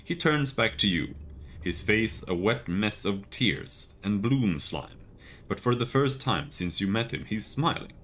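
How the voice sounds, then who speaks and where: A man streaming a video game, reading its text aloud in a steady, measured way with casual asides. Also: lowish voice, a little hiss or hum.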